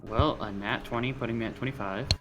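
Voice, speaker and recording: A man playing in a tabletop game, chatting casually and blurting out his ideas with excitement. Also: mid-range voice, fast, music in the background. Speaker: player.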